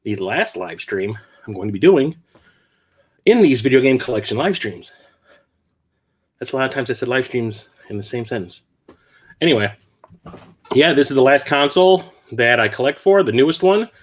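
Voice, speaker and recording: A man's voice: medium pitch, lively intonation, normal speed, long pauses. A man hosting a casual live stream from his apartment, out of breath and rambling with frequent self-corrections. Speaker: host. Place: home apartment.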